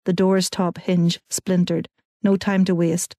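A woman narrating an audiobook in even, clear storytelling. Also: on the low side, takes it slowly, no room sound, clean studio sound. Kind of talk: scripted narration.

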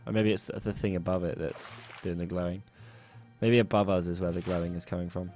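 A man doing let's play commentary, swearing and yelling angrily at the enemies in his game. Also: low voice, fairly even intonation, fairly quick. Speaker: gaming channel host. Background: faint game music.

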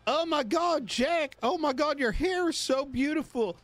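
A man voicing a disgruntled female fast-food employee in a high, theatrical falsetto during a game role-play. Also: dry recording. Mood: gushing.

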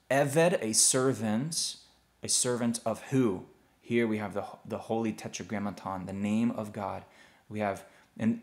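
Low-voiced man teaching slowly. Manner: slow, patient sounding-out of syllables; checks in often with "okay?" and "see that?". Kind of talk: explaining a lesson.

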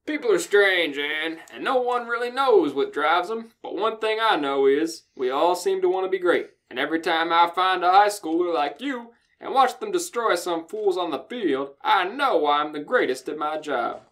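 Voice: medium pitch, lively intonation, normal speed, few pauses, fairly bright tone, voice pushed up, close to an everyday voice. A podcaster reading fan fiction aloud and voicing a brash, boastful male college recruiter who talks up money and greatness. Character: boisterous smooth-talking male college recruiter.

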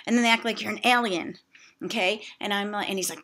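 A woman's voice: mid-range voice, fast talker, a bit bright. A middle-aged woman ranting casually to camera, chatty and exasperated, with self-mocking asides. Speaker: vlogger.

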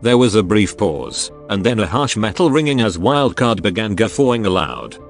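Low synthetic male narrator voice. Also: big pitch swings, normal speed, soft background music. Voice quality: synthetic text-to-speech voice. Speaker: story narrator. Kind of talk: text-to-speech story reading.

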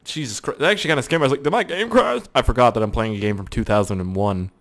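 Rapid-fire and mid-range in pitch, this young gaming YouTuber from Canada jokes crudely through his gameplay commentary. He swears a lot and breaks into lively outbursts.

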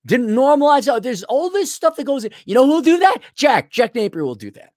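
A man's voice: very high-pitched, brisk, no room sound, studio quality. A middle-aged man ranting bluntly and sarcastically in a vlog monologue. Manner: blunt, sarcastic, animated, mocks others in put-on voices. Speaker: vlogger.

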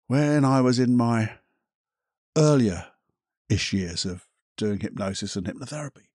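A middle-aged man, a hypnotherapist hosting his own podcast, telling a personal story in a reflective, candid way with casual swearing and halting pauses. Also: medium pitch, mellow, slightly rough, no echo, clean studio sound.

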